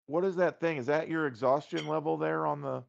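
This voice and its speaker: A man's voice: on the high side, steady tone, a little fast, creaky, lo-fi sound. A man playing in a tabletop game, making teasing asides. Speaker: player. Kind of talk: casual game chat.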